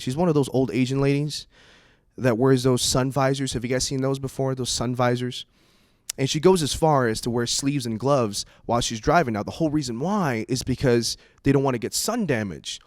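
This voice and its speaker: Young man, stand-up comic, lively swinging pitch, dry close sound, profane, exasperated bursts. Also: no room sound. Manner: profane, conversational. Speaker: stand-up comedian. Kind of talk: stand-up comedy set.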